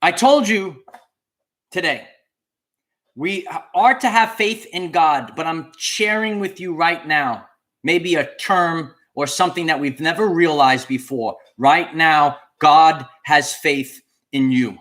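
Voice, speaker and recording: A man's voice: fairly high pitch, animated, slow pace, fairly bright tone. A man hosting a spiritual livestream, talking to his viewers and repeating key phrases with preacher-like emphasis. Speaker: channel host.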